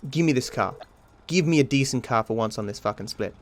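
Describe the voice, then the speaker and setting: A man's voice: mid-range voice, animated, a little fast, slight background noise. Swearing male streamer talking to chat. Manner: swears often, talks to chat between attempts; easily frustrated, self-mocking. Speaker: speedrunning streamer. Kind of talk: live gameplay commentary.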